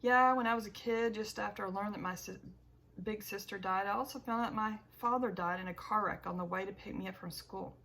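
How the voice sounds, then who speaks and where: A woman narrating an audiobook in the first person, with expressive, emotional storytelling. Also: mid-range voice, fairly quick, gravelly.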